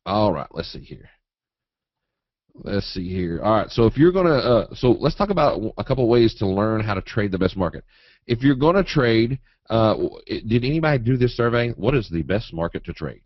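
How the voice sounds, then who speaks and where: A man teaching a live trading webinar in a folksy, animated way, acting out quotes and chart moves. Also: on the low side, normal speed, dry recording. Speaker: trading educator. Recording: dull, dry webinar audio.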